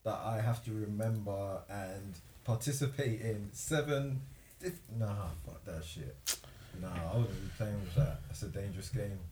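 A man's voice: fairly low pitch, measured pace. Man, casual chat, wry and hesitant, echoey room with faint noise.

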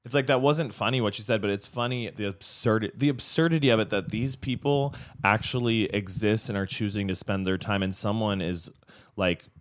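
Low, wry man in podcast chat. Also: moderate pace, dry recording. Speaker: podcast co-host.

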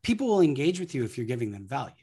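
A guest on an interview explains marketing in a casual way, with a voice of middling pitch. The talk runs on anecdotes and acted-out street scenes. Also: very animated, racing, mellow, slightly rough. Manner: anecdotal, acts out scenarios.

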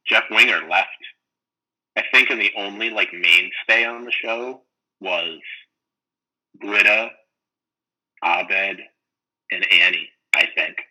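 A man's voice: slow pace, long pauses, bright, forceful tone, poor audio. A young man co-hosting a podcast, chatting casually and rambling with lots of "like" and "um". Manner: rambling, lots of "like" and "um", acts out quotes in high voices. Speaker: podcast co-host. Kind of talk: casual chat.

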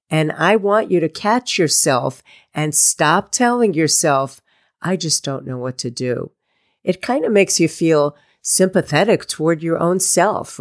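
A woman coaching listeners in a solo podcast, giving blunt tough-love advice and acting out their self-talk. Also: fairly low pitch. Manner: direct, tough-love pep talk with imagined quotes. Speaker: life coach.

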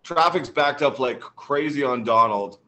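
A man's voice: mid-range voice, measured pace, bright, forceful tone. A man in a casual chat, telling irritated, rambling anecdotes. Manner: annoyed, rambling anecdotes with restarts.

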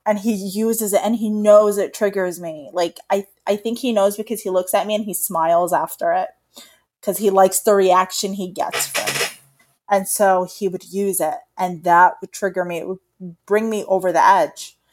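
A woman's voice: medium pitch, moderate pace. A young adult woman co-hosting a casual podcast, talking openly and animatedly about motherhood. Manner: open and confessional, animated retelling. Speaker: podcast co-host. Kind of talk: candid casual chat.

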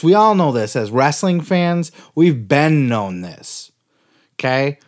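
Guy hosting a comedy podcast, swears a lot, rants and blows up, drags his words out slow. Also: fairly high pitch. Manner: profane, excitable, ranting. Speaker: podcast host. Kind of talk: comic podcast rant.

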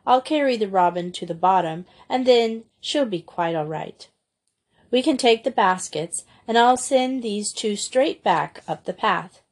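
A woman reading a gentle, firm young woman. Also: mid-range voice, animated, measured pace. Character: gentle, capable young woman, caring older sister.

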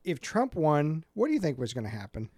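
Animated male podcast co-host, dry close mic. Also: fairly high pitch, a little fast, dry recording. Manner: animated storyteller, acts out voices in anecdotes. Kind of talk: casual chat.

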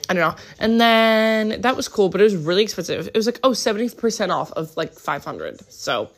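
In a hotel room, an American woman rambles about her day for her travel vlog, peppering her talk with "like." Her mid-range voice is animated and fairly quick, and her manner is chatty.

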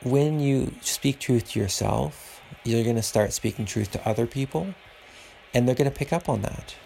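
Gravelly-voiced man, earnest podcast talk. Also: medium pitch, normal speed, a little mellow, a little hiss or hum, rough recording. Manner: earnest, preachy and rambling. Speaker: podcast host. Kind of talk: casual podcast monologue.

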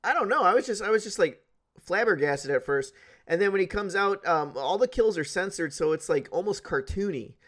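A man on a casual podcast, telling a story in an animated way with swearing and laughs. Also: high-pitched, fairly quick. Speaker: podcast co-host.

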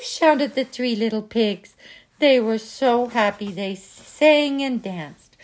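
Slow sing-song woman reading a storybook. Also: a little high, expressive. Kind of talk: reading a children's picture book aloud.

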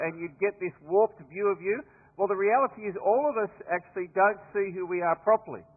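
A man in his fifties with an Australian accent, preaching a sermon in a relaxed, conversational storytelling way. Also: high-pitched. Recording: tinny lo-fi line with long hall reverb.

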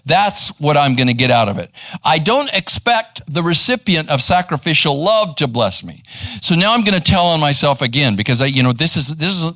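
A middle-aged man, a pastor teaching live in church, conversational and animated as he tells a story. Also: medium pitch, dry recording. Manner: animated, conversational, acts out quoted voices. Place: church sanctuary.

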